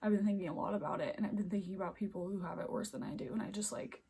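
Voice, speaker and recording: Emotional young woman with a husky voice. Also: medium pitch, fairly even intonation, very fast, warm tone. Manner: earnest, rambling, often breaks into near-whispers. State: emotional, close to tears. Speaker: vlogger. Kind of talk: emotional personal vlog. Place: at home. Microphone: phone camera.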